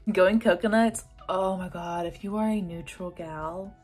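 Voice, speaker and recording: A woman's voice: lowish voice, fairly even intonation, unhurried, a little mellow, slightly rough. A young woman, chatting eagerly about her makeup palettes in a casual vlog. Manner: gushing, chatty, lots of "like" and "oh my God". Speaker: beauty vlogger. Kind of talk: casual makeup collection chat.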